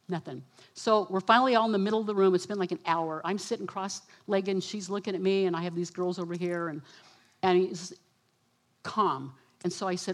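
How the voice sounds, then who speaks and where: Woman preacher, sermon delivery, lively storyteller who acts out quotes, mid-pitched. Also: fairly quick. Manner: animated storytelling, quotes herself and others.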